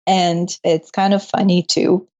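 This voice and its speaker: A woman's voice: fairly low pitch, measured pace, dull audio. Laughing, emotional young woman storyteller. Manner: emotional, laughs often, animated retelling. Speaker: guest, medical student. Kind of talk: casual interview storytelling.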